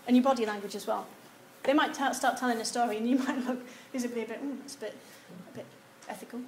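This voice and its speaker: High-voiced woman lecturing in an echoey hall. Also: fast. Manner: animated, acts out example replies. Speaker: university lecturer. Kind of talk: lecture on research methods. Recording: echoey lecture room with some background noise.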